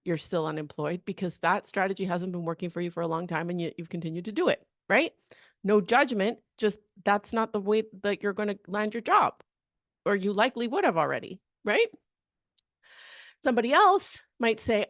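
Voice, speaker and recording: A woman career coach talking in a podcast monologue, energetic and chatty, often asking "okay?" and "right?". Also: medium pitch, normal speed, no echo, studio quality. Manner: energetic, chatty, acts out quoted people, frequent "okay?" and "right?".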